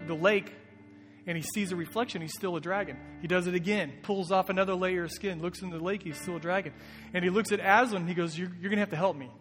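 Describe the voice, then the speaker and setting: A man preaching a sermon as a pastor, in an earnest, conversational way. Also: high voice. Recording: long reverb with soft guitar behind.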